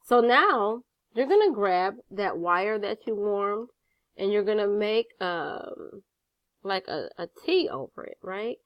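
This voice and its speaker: A sassy older woman talks through a craft tutorial at an unhurried pace, her pitch swinging up and down as she chats. She swears now and then. The room is dry and close, with no echo. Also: animated, highs cut off. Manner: sassy, chatty, swears casually. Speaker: jewelry-making instructor.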